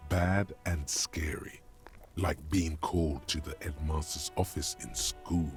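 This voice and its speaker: A detective game's inner-voice narrator with an extremely deep, gravelly voice. He describes scenes in measured, grave lines, and soft music sits under him. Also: steady tone, exaggerated voice. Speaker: game narrator. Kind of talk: scripted game narration.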